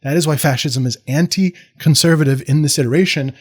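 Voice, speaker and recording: A man's voice: on the high side, brisk, breathy edge. An American man giving a history lecture in a casual, digressive way, with self-deprecating asides and restarts. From United States.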